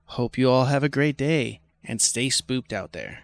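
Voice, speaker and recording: A man's voice: mid-range voice, lively intonation, gravelly, background noise. Man reading a sponsor spot. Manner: slow, careful reading. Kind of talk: read-out ad.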